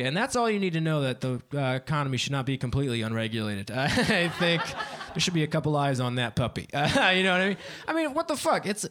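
A man's voice: on the high side, noisy background. A young man doing a stand-up comedy set on a club stage, swearing freely and laughing at his own jokes.

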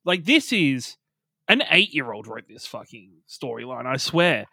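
A man's voice: medium pitch, very animated, measured pace, vocal fry, sharp tone, no echo. A man co-hosting a casual podcast, ranting with constant swearing and exasperation. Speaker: podcast co-host. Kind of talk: casual podcast review chat.

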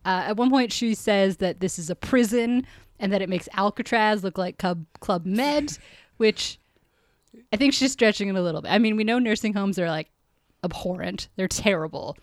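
A woman talks casually on a podcast, summing up an episode and breaking into laughs often. Her voice sits at an ordinary pitch and sounds dry, with little room around it. She plays out little quotes as she goes. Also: normal speed, no echo. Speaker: podcast co-host. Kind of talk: casual chat recapping an episode.

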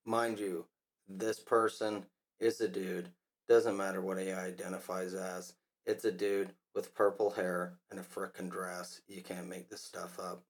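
A man's voice: low voice, level tone, a little slow. A man hosting a commentary podcast, talking in a scornful, mocking way. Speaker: podcast host.

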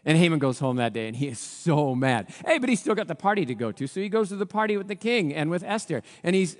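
A man preaching a storytelling sermon, his fairly high voice swinging widely as he acts out each character's lines. His pitch leaps and drops with the drama of the story. A long reverb trails every phrase, as in a church hall. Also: sing-song, fast, few pauses. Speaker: pastor.

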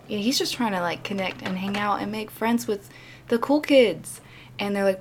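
A woman hosting a podcast, retelling a story in a lively, chatty way and acting out the characters' lines. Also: mid-range voice, a little hiss or hum. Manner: animated retelling, acting out the kids' lines in quick bits. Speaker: podcast host. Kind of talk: casual podcast recap.

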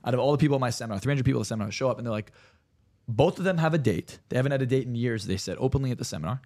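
A man, a hypnotherapist on a podcast, telling stories in a rapid, animated and profane way. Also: mid-range voice. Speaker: hypnotherapist guest. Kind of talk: casual podcast chat.

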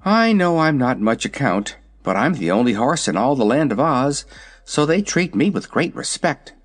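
A man's voice: mid-range voice, big pitch swings, moderate pace. A man voicing a proud, naive male wooden sawhorse in a storybook, cheerful and earnest. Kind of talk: storybook character voice.

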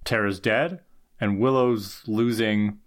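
A man co-hosting a podcast, walking through a TV episode's plot in casual chat, earnest and quick to get indignant. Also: fairly low pitch, steady tone. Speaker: podcast co-host.

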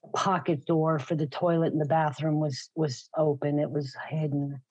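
A woman's voice: sits low, flat delivery, moderate pace, darkish tone, no room sound. A middle-aged woman giving a raw, blunt personal testimony in an interview, swearing freely. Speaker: guest sharing her story. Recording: slightly muffled, dry recording.

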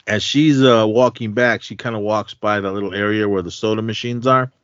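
A man's voice: on the low side, steady tone, a little fast, dry recording, muffled recording. A man hosting a podcast, casually retelling a movie's plot in a rambling style full of fillers. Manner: rambling, filler-heavy storytelling. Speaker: podcast host.

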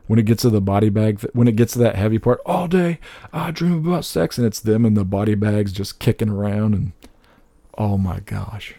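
A man in his thirties on a casual podcast, animated and swearing freely, laughing often. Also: on the low side, a little fast, no echo. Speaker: podcast co-host.

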